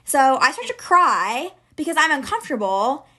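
A woman's voice: high-pitched, very animated, normal speed, sharp tone. A woman in her twenties, a podcast co-host, telling a long personal story in casual chat, with lots of "like" fillers. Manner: chatty, heavy use of filler "like".

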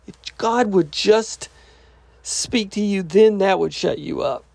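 A man's voice: high voice, slow, gravelly, darkish tone, dry recording. A man teaching through a scripture passage verse by verse, reading each part aloud and then restating it in plain, casual words. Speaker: Bible teacher.

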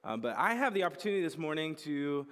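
A young man preaches with a relaxed, joking storyteller's manner and a fairly high voice. His voice carries a long reverb, as if filling a large church hall. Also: fast talker. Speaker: pastor. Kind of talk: sermon.

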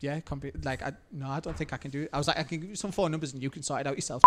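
A man's voice: on the high side, racing, dull audio, heavy background noise. A man co-hosting a casual podcast, telling a rambling anecdote. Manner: rambling, full of fillers and restarts. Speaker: podcast co-host, musician. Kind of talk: casual chat.

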